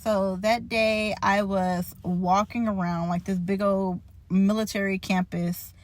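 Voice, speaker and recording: A young woman telling a story in a casual faith vlog, chatty and animated, laughing and full of fillers. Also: mid-range voice, takes it slowly. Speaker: faith vlogger.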